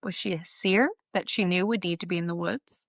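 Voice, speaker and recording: A woman's voice: on the low side, fairly quick, no echo. Chatty woman book podcast co-host. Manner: chatty, curious, swears casually. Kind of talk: casual book discussion chat.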